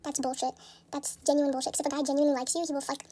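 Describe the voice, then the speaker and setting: Very high-voiced young woman rambling softly. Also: level tone, background noise. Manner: rambling, fills every pause with "like". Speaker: storyteller. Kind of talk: casual storytime monologue.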